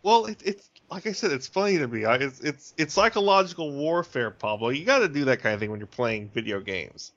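A man co-hosting a podcast in casual chat, joking and rambling in an animated way. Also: fairly high pitch, a little fast, hardly any pauses. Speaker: podcast co-host. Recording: dull lo-fi podcast audio.

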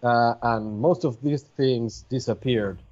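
Dude chatting and explaining stuff on a podcast, mid pitch, muffled lo-fi audio. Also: male voice, slow, darkish tone. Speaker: podcast co-host. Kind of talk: casual chat.

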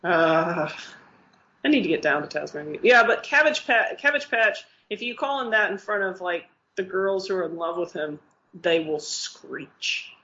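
A woman co-hosting a casual podcast chat, excitable and quick to swear, often restarting her sentences. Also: mid-range voice. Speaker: podcast co-host. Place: living in Australia. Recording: slightly dull lo-fi podcast audio.

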